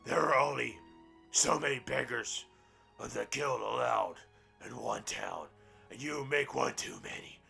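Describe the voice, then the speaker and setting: A man's voice: mid-range voice, unhurried, vocal fry, bright, forceful tone, slightly rough, soft background music. A man reading a book aloud in a game roleplay, breaking off into crude, profane, mocking asides. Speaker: gaming roleplay streamer.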